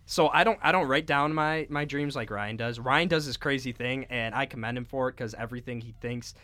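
A man's voice: mid-range voice, brisk, bright, forceful tone. A man co-hosting a casual podcast, talking in a teasing, laid-back way with stumbling restarts. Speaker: podcast co-host.

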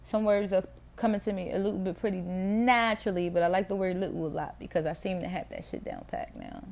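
This middle-aged woman's voice is mid-range, steady, brisk, and darkish in tone. On her own podcast she delivers a casual, rambling monologue to herself, speaking frankly, swearing without restraint, and laughing a lot.

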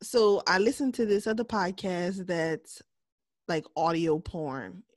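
A woman co-hosting a podcast in casual chat, candid and laughing often, sometimes dropping to a soft voice. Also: lowish voice, slow pace, no room sound. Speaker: podcast co-host.

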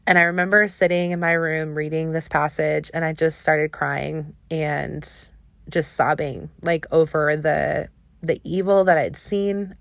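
A woman's voice: low-pitched, dry recording, clean studio sound. A young woman hosting a podcast, talking earnestly and searchingly about faith, with frequent "like" and "um". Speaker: podcast host. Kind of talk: personal reflective podcast monologue.

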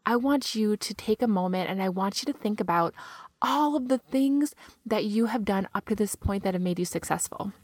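A woman voicing a warm, blunt female inner friend who frankly reassures the listener. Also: mid-range voice, animated, normal speed, dry recording, clean studio sound, close to an everyday voice. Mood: reassuring.

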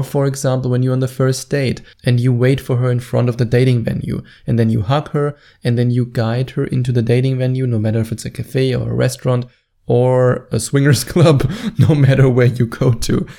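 A man's voice: mid-range voice, level tone, brisk, creaky, hardly any pauses, dark tone. A man giving dating advice straight to camera in a confident, instructive way, stretching words out for emphasis. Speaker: dating coach. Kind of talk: direct-to-camera advice monologue.

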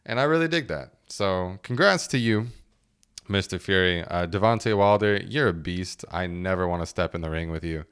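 A man's voice: low voice, animated, normal speed, a bit bright, clear, resonant tone. A man in his late twenties hosting a casual solo podcast, rambling and joking, swearing freely and laughing often. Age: late 20s. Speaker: podcast host.

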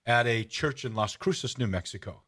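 A man hosting a podcast and telling a story with enthusiasm in casual chat. He rambles, restarts often and gets excited. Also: medium pitch, moderate pace. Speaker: host.

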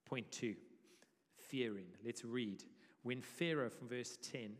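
A male pastor preaching a sermon in a conversational, animated way. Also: mid-range voice, slow pace. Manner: conversational, animated, self-deprecating. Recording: reverberant church hall.

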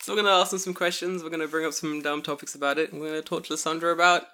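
A young man with a London accent, hosting a casual chat and telling stories with loud mocking put-on voices. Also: on the high side, steady tone, very fast, smooth. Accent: London English. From United Kingdom. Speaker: podcast host.

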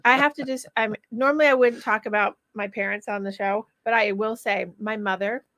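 A woman hosting a show in a studio, chatting casually with quick asides and laughter. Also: medium pitch, steady tone, a bit bright, no room sound. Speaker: show host.

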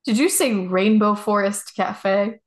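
A woman's voice: mid-range voice, slow pace. A young woman co-hosting a podcast in easy, chatty conversation. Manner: chatty, reacts with surprise. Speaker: podcast co-host. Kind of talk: casual chat.

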